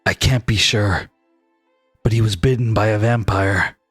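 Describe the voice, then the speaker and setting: A man voicing a sinister male god of sin who gives slow, low, conspiratorial warnings in a tabletop game. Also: steady tone, fairly bright tone, slightly rough, no room sound, clean studio sound, faint music behind. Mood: ominous warning.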